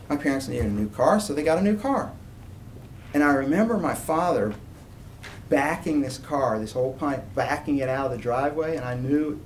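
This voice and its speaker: A man giving an informal university lecture, talking conversationally and drifting into personal anecdotes and asides. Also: medium pitch. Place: lecture room. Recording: distant room recording with faint ambient noise.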